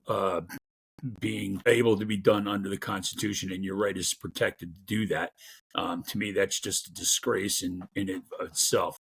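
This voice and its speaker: A middle-aged man giving an angry, profane political rant, growing louder as he goes. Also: lowish voice, breathy edge. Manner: angry, profane, rising to loud outbursts. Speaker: political commentator.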